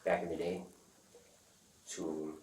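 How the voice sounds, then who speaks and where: A man telling a rambling, profane story in casual talk, acting out the other people's lines loudly. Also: sits low, little pitch movement, moderate pace. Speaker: interviewee. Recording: echoey room, far from the mic, faint noise.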